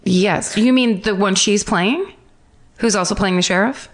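Woman co-host, lively emphatic banter. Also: medium pitch, unhurried. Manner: animated, emphatic, swears. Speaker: podcast co-host. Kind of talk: casual chat.

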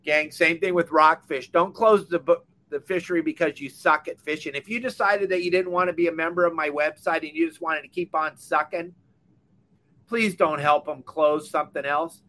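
Fired-up older man, bright and high. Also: steady tone, moderate pace. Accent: Southern Californian. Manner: fired-up, blunt, scolding. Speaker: fishing podcast host. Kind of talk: impassioned rant. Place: on a boat or dock.

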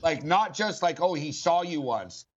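Man, sports talk host, high-ish voice, animated storyteller, muffled lo-fi recording. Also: measured pace, a little hiss or hum. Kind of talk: casual storytelling chat. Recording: dull lo-fi audio.

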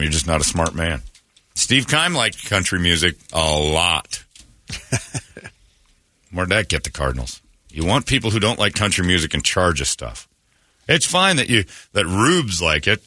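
A male morning radio host mocks and rants in loose, sarcastic banter. His voice sits a bit low but has a bright, forceful edge. The studio sound is dry and close. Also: no room sound.

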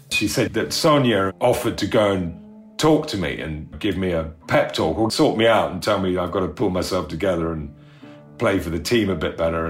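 A middle-aged man telling rambling, self-deprecating stories in a casual interview, laughing often. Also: low-pitched. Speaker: actor recalling a show.

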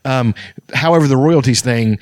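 A man co-hosting a podcast in casual, rambling chat, profane and animated as he tells stories. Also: medium pitch, moderate pace, no echo, clean studio sound. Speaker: podcast co-host.

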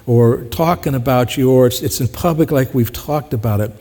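A man's voice: medium pitch, warm tone, in a large hall. A man preaching a sermon in a conversational way, often asking the congregation questions. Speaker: pastor.

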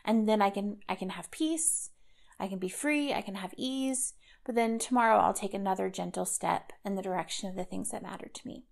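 A woman's voice: mid-range voice, fairly quick, creaky. A woman in her thirties hosting a solo podcast, talking casually and reflectively with frequent "like" and "kind of.". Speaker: podcast host.

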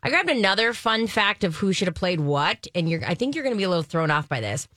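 A woman's voice: medium pitch, quick pace, dry recording. Playful woman radio co-host, dry sound. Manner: playful, teasing, animated storytelling. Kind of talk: casual radio chat.

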